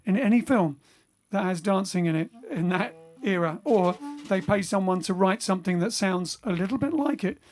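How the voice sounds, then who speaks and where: A man's voice: sits high, moderate pace, darkish tone, soft background music. A man hosting a lockdown livestream for his band, chatting casually and reading out viewer comments, rambling with lots of fillers and restarts. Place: home during lockdown.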